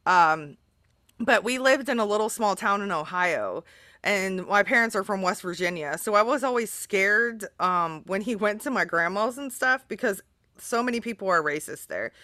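A woman hosting a podcast, chatting casually in a rambling, earnest way full of fillers. Her voice is bright and forward. The sound is dry and close. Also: medium pitch, lively intonation, moderate pace, no echo. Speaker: podcast host. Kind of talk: casual interview chat.

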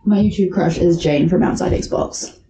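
Woman, podcast guest, blunt casual chat, mellow warm voice, echoey room, faint background hum. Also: fairly low pitch, moderate pace, vocal fry, muffled recording. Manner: blunt, laughs often, swears freely. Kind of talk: casual chat about a film.

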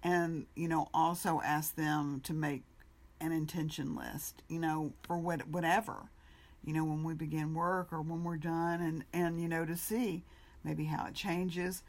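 A woman co-hosting a podcast, telling everyday stories in a casual, animated way. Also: low-pitched, measured pace. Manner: storytelling, animated when telling anecdotes. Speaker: podcast co-host.

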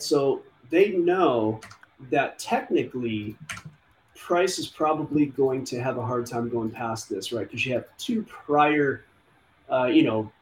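A man hosting a casual talk show about markets, rambling and thinking aloud while he walks through charts. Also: mid-range voice. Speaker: host. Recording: roomy with faint background noise.

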